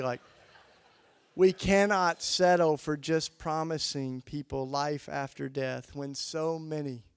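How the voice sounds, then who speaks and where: Impassioned man preaching, smooth clear voice. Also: no room sound, studio quality. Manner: storytelling, builds to loud emphatic peaks then drops low. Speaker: keynote speaker. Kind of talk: impassioned keynote sermon. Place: conference hall.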